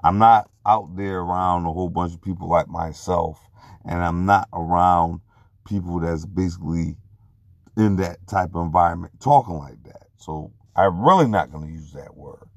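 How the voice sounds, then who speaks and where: A man giving a personal testimony in unscripted talk, earnest and halting, often restarting and repeating words. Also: sits low, vocal fry, no room sound.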